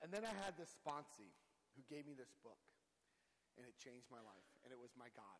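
Animated man telling his recovery story. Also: medium pitch, moderate pace, big-room sound, rough recording. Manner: animated storyteller, acts out voices loudly. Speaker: speaker sharing recovery story. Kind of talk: recovery talk to a group.

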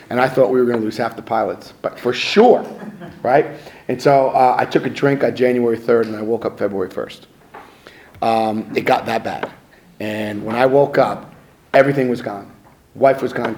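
A middle-aged man giving a personal testimony to a recovery meeting, swinging between hushed and loud and laughing at himself. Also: mid-range voice, a little hiss or hum. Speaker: recovery speaker.

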